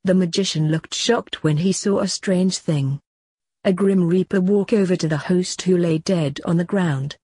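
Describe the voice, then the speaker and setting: Female author-host narrating her story; low, breathy, dry. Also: moderate pace, mellow, no echo. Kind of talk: story reading.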